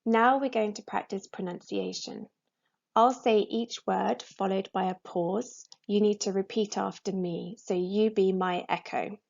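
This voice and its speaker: A woman teacher leading a repeat-after-me French pronunciation drill in a recorded lesson, saying each word with a pause after it. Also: medium pitch, steady tone, gravelly, a little mellow, dull audio. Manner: measured, repeat-after-me delivery.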